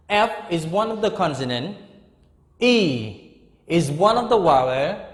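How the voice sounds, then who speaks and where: A middle-aged man teaching an English grammar lesson, explaining slowly and repeating himself with frequent checks of "okay?". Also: high voice. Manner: slow, repetitive, drawn-out explanations with frequent "okay?". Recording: echoey room with long reverb.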